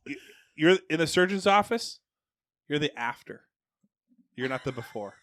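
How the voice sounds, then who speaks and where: Bright-voiced joking podcast host. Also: male voice, on the high side, expressive, moderate pace. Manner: joking, laughs often, quizzes guests. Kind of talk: casual chat. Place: home garage.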